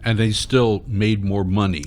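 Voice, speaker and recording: A man with a deep, low voice joins a podcast discussion with brief, dry comments. A faint noise sits behind him. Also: fairly even intonation, measured pace, a little mellow. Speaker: podcast co-host. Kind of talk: casual discussion.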